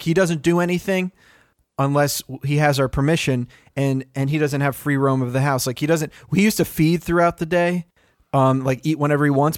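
A man with a slightly higher voice chats casually on a podcast, rambling through animated stories and swearing freely. The sound is close and dry, with no room echo. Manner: rambling, profane, animated storytelling. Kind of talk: casual chat.

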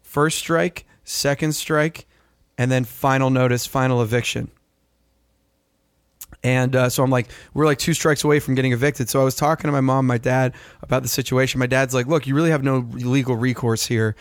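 A young man in casual chat who tells an animated story, acting out quotes and swearing freely. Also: mid-range voice, moderate pace, smooth, no room sound, studio quality.

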